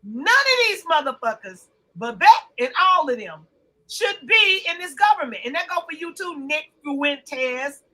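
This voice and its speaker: A woman's voice: high-pitched, very animated, measured pace, pushed and bright, low-quality recording. A woman co-hosting a podcast, ranting bluntly and profanely in casual heated chat. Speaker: podcast co-host.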